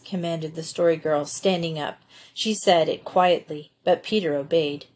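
A woman reading a classic children's novel aloud as an audiobook, gently telling the story and lifting her voice for the children's lines. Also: sits low, moderate pace, slightly rough. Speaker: audiobook reader. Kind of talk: scripted narration of a classic novel.

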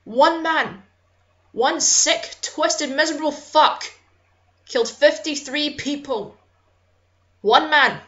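Young woman, high-pitched, fiery and sweary vlog rant, muffled lo-fi sound. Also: takes it slowly, long pauses, a bit bright. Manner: impassioned, swearing, apologizing for getting angry. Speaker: YouTuber.

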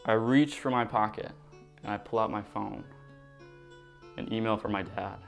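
A young man telling a storytime vlog in an animated, dramatic way. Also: lowish voice, normal speed, creaky, faint music behind. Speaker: vlogger.

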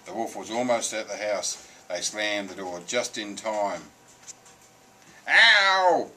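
Brief: a low, bright-voiced male storyteller, lively and expressive. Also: a little slow, rough recording. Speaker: reader. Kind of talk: reading a picture book aloud.

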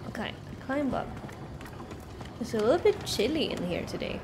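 A woman streamer talking chattily through a game, breaking into yells. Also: a little high, very animated, moderate pace. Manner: chatty, bursts into yelling. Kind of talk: let's play commentary. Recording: noisy background.

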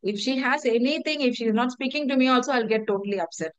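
A woman's voice: fairly high pitch, fast, dry recording, highs cut off. A middle-aged woman, giving an earnest, hesitant personal testimonial and often repeating her words. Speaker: testimonial speaker.

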